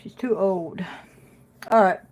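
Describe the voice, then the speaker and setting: A chatty woman talks casually to viewers over a phone livestream from her home. She keeps breaking off to scold her dog, then goes back to chatting with the viewers. Her pitch sits in a middle range. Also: slow, darkish tone. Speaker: puzzle live streamer.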